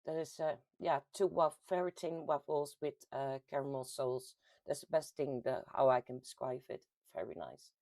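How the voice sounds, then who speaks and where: A woman from the Netherlands with a Dutch accent hosts a casual livestream, reading out viewer comments in a chatty, giggly way with sudden lively jumps in pitch. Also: moderate pace, hardly any pauses, dry recording. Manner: chatty and giggly, with frequent laughs and ums. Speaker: host of a paranormal community livestream.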